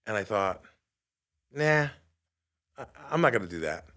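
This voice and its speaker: Animated New man telling a story. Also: lowish voice, unhurried. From New York. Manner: animated, acts out quoted dialogue. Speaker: podcast host. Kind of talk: storytelling monologue.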